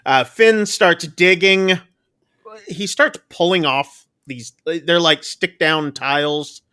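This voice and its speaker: Bright-voiced man recapping a film. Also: fairly high pitch, slow, clear, resonant tone, no echo, clean studio sound. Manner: animated plot retelling with many fillers. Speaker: podcast co-host. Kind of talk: casual film review chat.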